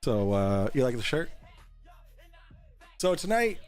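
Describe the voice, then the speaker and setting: A male host of a casual livestream talk show, drinking as he goes. He rambles, restarts his sentences, swears freely and keeps answering his chat. His voice sits at an ordinary middle pitch. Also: sing-song, slow pace, a little mellow, clean tone, faint music behind. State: drinking on air.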